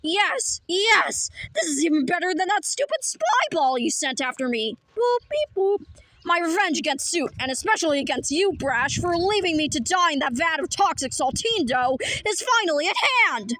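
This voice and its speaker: A woman's voice: very high-pitched, sing-song, moderate pace, fairly bright tone, no echo, heavily acted. A woman voicing a scheming, vengeful male crocodile villain who boasts theatrically, in a children's book read-aloud. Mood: gloating.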